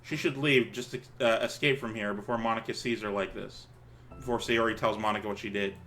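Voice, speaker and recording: A man hosting a let's play, reading a visual novel aloud and breaking off into excited, laughing, swearing reactions. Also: lowish voice, brisk, a little hiss or hum.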